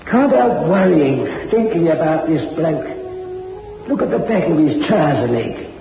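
An actor playing a cheerful old morgue attendant of about seventy, with homely, chuckling, drawn-out speech in an old-time radio drama. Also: male voice, on the high side, sing-song, creaky, exaggerated voice. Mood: contented. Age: older. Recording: dull old radio recording with long echoey reverb.

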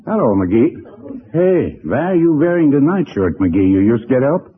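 A man playing a good-natured, slow-witted Scandinavian handyman, speaking broken English in a drawl for 1940s radio comedy. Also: mid-range voice, big pitch swings, heavy background noise. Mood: amiable. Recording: tinny old radio broadcast, studio audience laughter.

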